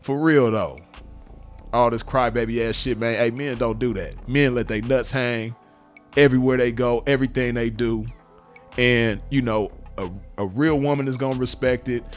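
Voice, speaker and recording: A man's voice: mid-range voice, fairly even intonation, normal speed, faint music behind. A man, speaking in a blunt, profane, repetitive unscripted monologue to camera. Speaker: vlogger.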